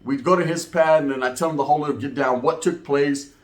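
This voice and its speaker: A man telling a profane, slang-heavy street story in a comedic, animated way. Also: a little high, fast.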